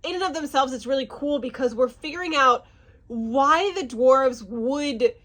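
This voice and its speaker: A woman giving a casual, animated reaction review, often restarting and stumbling over names. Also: high voice, a little slow. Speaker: fantasy series reviewer.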